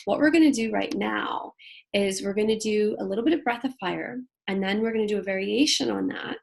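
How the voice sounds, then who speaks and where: A woman's voice: mid-range voice, brisk, creaky. A woman leading a women's leadership class in a casual, chatty way, with many fillers, and demonstrating breathing exercises aloud. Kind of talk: guiding a group class.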